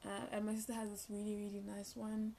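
A young woman telling a rambling, animated story in a casual vlog, full of fillers and restarts. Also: medium pitch, quick pace, vocal fry, a little hiss or hum. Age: young adult. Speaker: vlogger.

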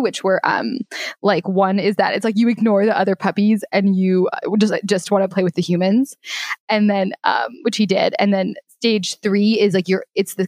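A woman's voice: medium pitch, darkish tone, no room sound. Young woman co-host, rambly storyteller, dry close mic. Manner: rambling storyteller, many fillers, laughs often. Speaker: podcast co-host. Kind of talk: casual chat.

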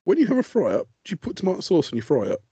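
A man's voice: high-pitched, wildly swooping pitch, very fast, dark tone, breathy edge, no echo. A man co-hosting a casual comedy podcast, ranting and swearing with frequent giggles. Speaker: co-host. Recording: dull lo-fi, dry sound.

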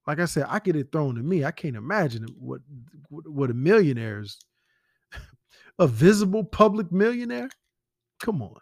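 Podcast guy ranting casual, blunt, swears a lot, kinda high voice, dry close mic. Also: sing-song, moderate pace, darkish tone, no room sound. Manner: blunt, profane, fires rhetorical questions. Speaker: podcast host. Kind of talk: casual commentary monologue.

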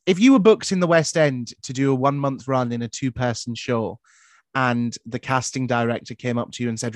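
A young man, hosting a casual podcast chat and asking gentle questions with frequent restarts. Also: mid-range voice, brisk, no echo. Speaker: podcast host.

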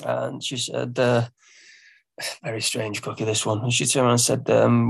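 A man's voice: medium pitch, flat delivery, moderate pace, gravelly, slightly rough. A man with an English accent, a singer-songwriter guest on a podcast, who talks hesitantly with lots of ums and laughs at himself. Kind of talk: casual podcast interview.

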